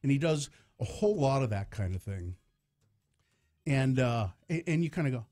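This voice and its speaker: A man's voice: medium pitch, animated, moderate pace, warm tone. A middle-aged man, host of a radio show, telling a story in casual talk and laughing often. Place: radio studio.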